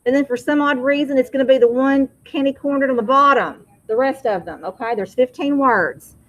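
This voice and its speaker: A woman teaching a high school vocabulary lesson in a classroom, having students repeat each word. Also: fairly quick, low-quality recording. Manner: drills pronunciation, asks class to repeat words.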